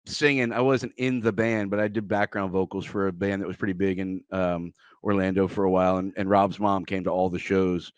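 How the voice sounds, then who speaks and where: A man's voice: low-pitched, flat delivery, brisk, few pauses, clean tone, dry recording. A man co-hosting a podcast, chatting casually and chiming in with short agreements and his own music memories. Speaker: co-host, former backing singer.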